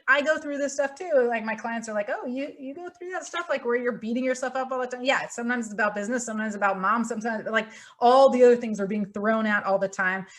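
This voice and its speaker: Animated woman host, high voice. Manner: animated storytelling, acts out her own thoughts. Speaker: podcast host. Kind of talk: casual chat.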